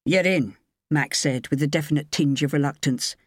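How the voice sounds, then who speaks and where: A woman's voice: deep voice, little pitch movement, a little fast, no echo. Woman narrating an audiobook, dry sound. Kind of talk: scripted narration.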